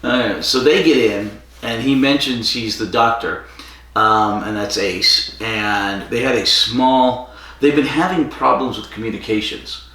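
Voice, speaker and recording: Here a male podcast co-host talks a little slowly, his medium-pitched voice carrying a sharp edge. It's casual chat picked up far off in an echoey room, as he retells a story with fillers and quoted lines.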